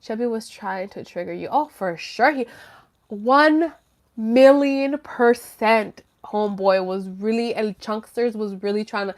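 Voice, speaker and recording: A woman hosting a live stream, telling her viewers a story casually, rambling and animated, with lots of "like" and some swearing. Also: on the high side, unhurried. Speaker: host of a live chat stream.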